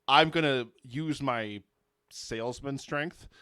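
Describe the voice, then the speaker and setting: A man's voice: medium pitch, takes it slowly, sharp tone, clean tone, dry recording, studio quality. A man playing along in a comedic story game, talking it through in a rambling, hesitant way with many restarts. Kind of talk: casual chat.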